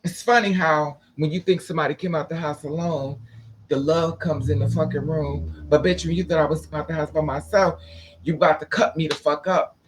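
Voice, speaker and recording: A man's voice: fairly high pitch, steady tone, a little fast, slight background noise. A man telling a personal story in a casual, profane, dramatic way, acting out the people in it. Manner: profane, dramatic, switching between quoted voices.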